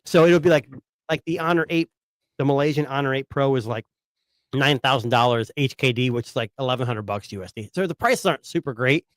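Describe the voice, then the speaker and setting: A man's voice: mid-range voice, a little fast, no room sound. Rambling man with a dry sound. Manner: rambling, filler-heavy storytelling. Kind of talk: casual tech chat.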